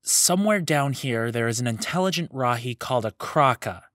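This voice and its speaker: A man's voice: expressive, normal speed, a bit bright, no room sound, clean studio sound, natural voice. A man voicing a determined male hero of light who speaks in a curt, commanding way. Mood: firm. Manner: curt, commanding, low-key.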